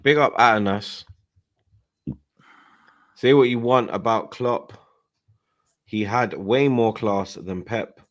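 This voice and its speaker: Teasing man with a lower voice. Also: takes it slowly, pauses often. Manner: teasing, slangy, reading out chat. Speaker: football fan panelist. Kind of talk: casual football banter.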